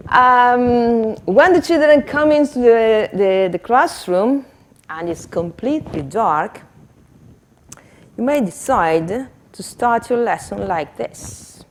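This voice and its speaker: A woman's voice: fairly high pitch, lively intonation, slow, a little hiss or hum. A woman giving a teacher-training workshop, talking hesitantly with fillers and laughing at herself, on a handheld microphone. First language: Italian. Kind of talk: workshop lesson demonstration.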